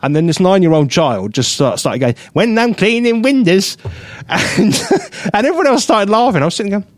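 In a radio studio, a man with a fairly high voice speaks at normal speed with no echo. As co-host of a casual chat show, he's an animated storyteller who laughs a lot.

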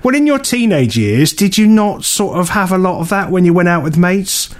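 A man co-hosting a radio chat show, telling stories casually and animatedly. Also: normal speed. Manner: animated storyteller, jumps up high for quoted voices.

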